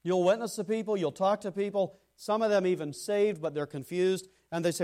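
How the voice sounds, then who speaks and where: A man preaching a sermon in a fairly high voice. He climbs into loud, emphatic lines, then sinks into hushed, low-pitched asides. He talks straight to people in the pews, calling some by name. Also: steady tone, fairly quick, hardly any pauses. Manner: speaks to congregation members by name. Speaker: pastor.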